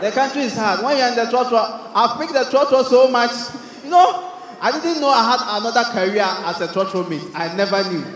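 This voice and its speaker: A young Ghanaian stand-up comedian with a Ghanaian English accent and a very high-pitched voice. He performs in an animated way, acting out characters and shouting punchlines. His voice rings through a large, echoey hall with faint noise behind it. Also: a little fast. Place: large hall with live audience.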